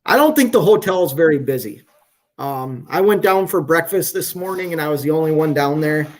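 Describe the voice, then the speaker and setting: A man trucker chatting casually on a live stream from a hotel room, talking in slow, halting phrases with frequent restarts. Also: fairly high pitch, expressive. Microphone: phone on hotel wifi.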